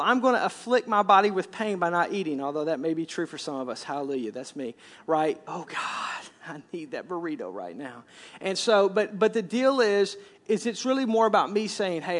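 A man's voice: high-pitched, fairly bright tone. A middle-aged man preaching a sermon as senior pastor, in a conversational style, often repeating words and quoting scripture. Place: church sanctuary.

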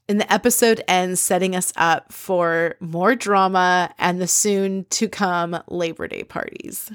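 A woman's voice: fairly low pitch, a little slow, hardly any pauses, no room sound, clean studio sound. A woman hosting a podcast, recapping a reality TV episode in a chatty, gossipy way and quoting the people she talks about. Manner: chatty, gossipy, quotes people in animated asides. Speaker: podcast host.

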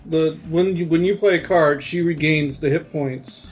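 A man's voice: on the high side, normal speed, soft background music. A man playing a tabletop card game, checking rules and damage numbers in casual chat. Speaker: player.

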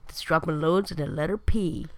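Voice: mid-range voice, a bit bright, slight background noise. A podcast co-host in casual chat who halts and restarts while talking, then rattles off the show's links. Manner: halting in chat, stumbling over words. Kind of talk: casual chat and rapid social-media plugs.

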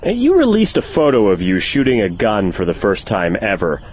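A man's voice: on the low side, huge pitch swings, moderate pace. A man playing an earnest field reporter. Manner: earnest, pressing questions. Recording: noisy background.

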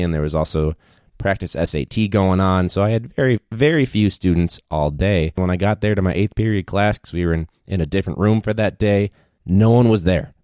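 A man who is a high school teacher, talking in a casual, rambling monologue with a wry tone and free swearing. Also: darkish tone, no room sound, clean studio sound.

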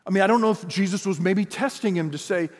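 High-voiced animated male pastor preaching. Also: fast, big-room sound. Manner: animated, acts out quotes in voices. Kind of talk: sermon.

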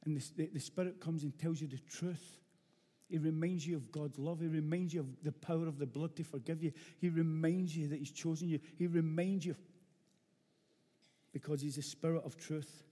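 A middle-aged man from Glasgow with a rough Glaswegian Scottish accent, preaching a sermon bluntly and earnestly, repeating phrases for emphasis. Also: fairly high pitch, fairly even intonation, moderate pace, mellow. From Scotland, Glasgow. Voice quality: rough-edged. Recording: long hall reverb.

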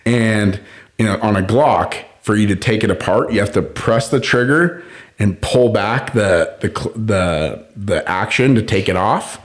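A man's voice: on the low side, takes it slowly. Laid-back young man telling a story. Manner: rambling, fillers like "like" and "bro", laughs often. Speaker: podcast host. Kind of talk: casual podcast storytelling.

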